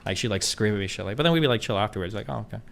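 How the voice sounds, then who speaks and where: A man with a fairly low, creaky voice and a fairly bright tone races through a casual chat, animated as he reads viewer questions aloud. The streamer's answers are blunt, profane, rambling, and full of fillers, over a little hiss or hum.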